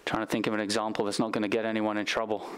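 A man's voice: on the low side, monotone, racing, crowd noise. A man preaching a sermon as pastor, reading scripture aloud and telling stories from his own youth. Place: church sanctuary.

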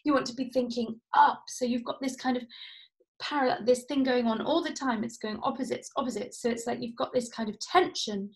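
A woman leads a guided vocal warm-up from home, her voice sitting a little high. She instructs in a playful, encouraging way, demonstrating each exercise as she goes. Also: brisk. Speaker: vocal coach. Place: home, indoors.

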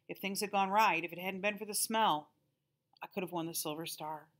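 A woman voicing a withdrawn young male war veteran who answers in short, flat words. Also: on the low side, fairly quick, close to an everyday voice. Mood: guarded. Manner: terse, flat replies.

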